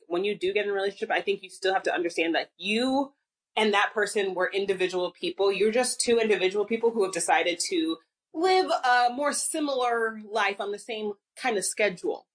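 Young woman telling a story on a podcast. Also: medium pitch. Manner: expressive storyteller, acts out quotes. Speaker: podcast co-host. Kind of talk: casual chat.

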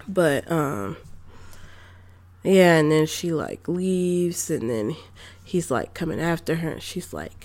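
A woman's voice: deep voice, lively intonation, takes it slowly, a little mellow. A young woman giving a casual spoken movie review, chatty and incredulous, with sassy asides.

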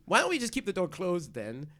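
A man's voice: high voice, huge pitch swings, moderate pace. A man co-hosting a podcast, acting in an improvised comedy sketch with a theatrical, exasperated manner. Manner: theatrical, exasperated, swings loud and soft. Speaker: podcast co-host.

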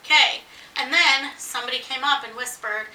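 A high, very bright woman telling a story in casual chat. Her voice rings in an echoey room and she sits a little back from the mic. She talks in an animated way, acting out the quotes. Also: normal speed, far from the mic, a little hiss or hum.

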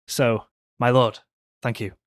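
A man voicing a humble male tree-person warrior who speaks softly and apologetically. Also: mid-range voice, little pitch movement, slow, dry recording, studio quality. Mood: apologetic. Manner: soft-spoken and apologetic.

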